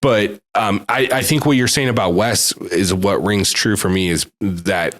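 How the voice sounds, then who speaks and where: Low-voiced man rambling as a podcast host. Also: fairly even intonation, a little slow. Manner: analytical, rambling, trailing off. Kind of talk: casual interview talk.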